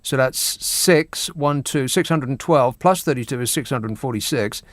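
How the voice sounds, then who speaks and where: A man's voice: mid-range voice, normal speed, no echo. A man hosting a radio phone-in, joking in a dry, mock-serious way. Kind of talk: late-night radio banter. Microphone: studio microphone.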